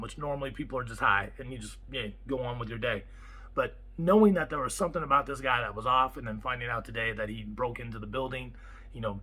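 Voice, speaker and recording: A man, a property manager, telling a story in a casual vlog and acting out the quotes in an excitable way. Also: medium pitch, breathy edge, low-quality recording. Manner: animated, excitable retelling with acted-out quotes.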